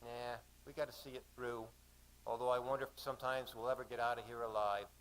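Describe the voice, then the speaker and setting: A man's voice: mid-range voice, level tone, brisk, a bit bright, lightly acted. A man voicing a weary young Australian woman stranded far from home, speaking with an Australian accent in a resigned, tired way during a live reading in a cafe.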